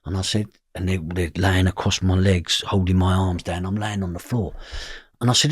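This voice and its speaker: A man's voice: low voice, fairly even intonation, moderate pace, slightly rough, no room sound, studio quality. A middle-aged man, a podcast guest, telling his story intensely and bluntly, swearing and often asking if you know what he means. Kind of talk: intense first-person storytelling.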